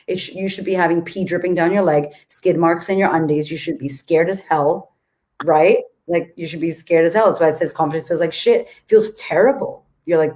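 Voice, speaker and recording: Woman, lower voice, blunt, emphatic, swears a lot, casual chat, video call. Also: steady tone, a little fast, darkish tone. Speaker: guest author.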